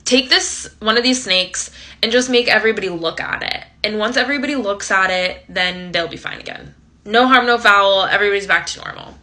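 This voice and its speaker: Woman voicing a blunt male God, casual slang, deadpan, bright tone. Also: mid-range voice, brisk, lightly acted. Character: blunt, short-tempered male God, talking like a teen.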